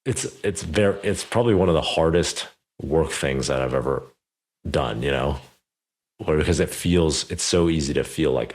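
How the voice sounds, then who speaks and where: A man's voice: a bass voice, moderate pace. A man in his thirties hosting a podcast interview, telling a story in a chatty way full of fillers. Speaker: podcast host. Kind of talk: casual conversational interview.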